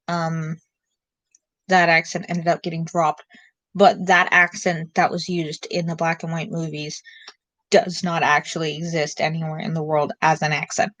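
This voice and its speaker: A woman's voice: low-pitched, a bit bright, no echo, poor audio. A young woman streaming late at night, chatting casually and rambling with lots of filler words.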